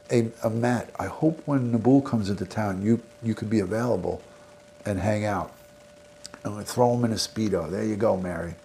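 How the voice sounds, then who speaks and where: A middle-aged man with a New York accent talks loosely to his livestream viewers, his low voice rough with gravel. He rambles from one thank-you and shout-out to the next in an easygoing way. A faint hiss sits under the recording. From American South. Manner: rambling, friendly shout-outs to chat viewers. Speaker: livestream host. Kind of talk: casual livestream sign-off chat.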